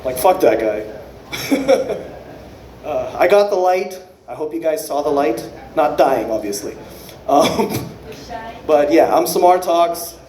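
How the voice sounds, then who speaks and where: A man doing an unrehearsed stand-up set, rambling and profane, with quick self-correcting asides. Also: fairly high pitch, lively intonation, darkish tone, roomy sound, a little hiss or hum. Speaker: stand-up comedian.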